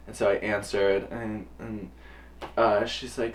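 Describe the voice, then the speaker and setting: A young man and drag performer telling a personal story to camera in a casual, animated way, acting out the voices of others with big jumps in pitch. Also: normal speed. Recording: voice a little distant from the mic.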